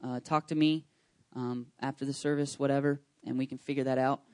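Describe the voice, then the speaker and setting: A man's voice: medium pitch, brisk, smooth, no room sound. A pastor in his thirties making casual, rambling church announcements with lots of fillers and an enthusiastic tone. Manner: chatty, rambling with many fillers and restarts; enthusiastic, excitable. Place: church service.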